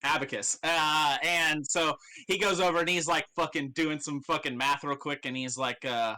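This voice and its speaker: Bright-voiced man running a tabletop game. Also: fairly high pitch, steady tone, normal speed, few pauses. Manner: loose, laughing, profane. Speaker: game master.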